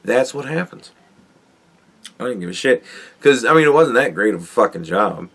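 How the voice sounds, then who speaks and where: A man's voice: medium pitch, moderate pace, slight background noise. Profane, rambling male podcast storyteller. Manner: profane, rambling and animated, acts out quoted dialogue. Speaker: podcast host. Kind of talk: casual storytelling.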